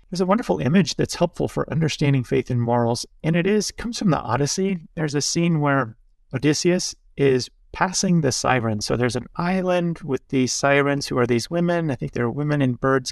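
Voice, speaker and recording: Man, Jesuit priest, gravelly voice, reflective spiritual teaching, storytelling with asides, dry close sound. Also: fairly high pitch, normal speed, no echo.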